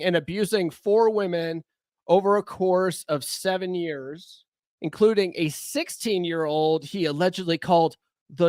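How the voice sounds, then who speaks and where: Chatty high-voiced man, dry close mic. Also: moderate pace, no room sound. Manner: rambling, conversational, frequent fillers and restarts. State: recovering from a cold. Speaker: livestream host. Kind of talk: casual livestream commentary.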